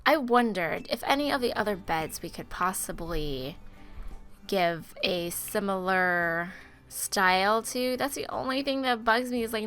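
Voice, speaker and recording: A woman who is feeling sick, giving chatty, expressive gameplay commentary and talking straight to her viewers. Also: medium pitch. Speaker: gaming video host.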